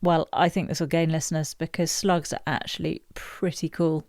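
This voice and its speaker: A woman's voice: low-pitched, little pitch movement, moderate pace, a little mellow, dry recording, studio quality. A woman co-hosting a gardening podcast, sharing facts in a giggly, enthusiastic casual chat. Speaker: podcast co-host.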